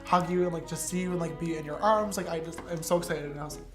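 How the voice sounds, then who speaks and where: Young guy spilling a story super fast, lots of "like", echoey room, faint music behind. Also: fairly high pitch. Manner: fast, animated storytelling full of "like", acting out quoted texts. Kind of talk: casual storytelling chat.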